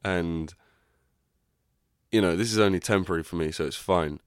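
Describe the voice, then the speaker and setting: A man's voice: deep voice, normal speed, no room sound, studio quality. A young man hosting a podcast, talking candidly and rambling in a casual reflective monologue, swearing freely. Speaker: podcast host.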